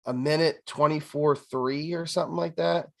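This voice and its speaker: Animated man telling stories. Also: a little high, normal speed, gravelly. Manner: animated storyteller who laughs often. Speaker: podcast host. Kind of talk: casual podcast chat.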